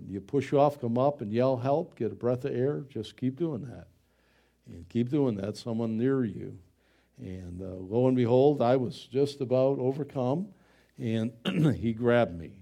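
Earnest preaching man, mellow voice. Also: mid-range voice. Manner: earnest, emphatic preaching with rhetorical questions. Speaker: pastor. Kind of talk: sermon.

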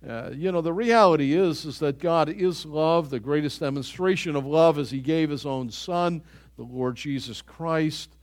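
A man's voice: fairly high pitch, normal speed. An older man delivers a sermon in a church. He preaches in an earnest, conversational way and often restarts his phrases mid-thought. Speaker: pastor.

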